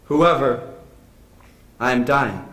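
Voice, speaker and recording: An actor performing a stage monologue as a lonely, brooding actor, slow, musing and wistful. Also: male voice, mid-range voice, animated, fairly bright tone. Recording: echoey stage recording.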